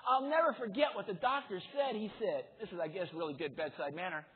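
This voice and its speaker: A man's voice: sits high, fairly quick, slightly rough. A man giving a motivational keynote speech, joking with the audience and leading them through exercises. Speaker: keynote speaker. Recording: tinny lo-fi speaker demo reel.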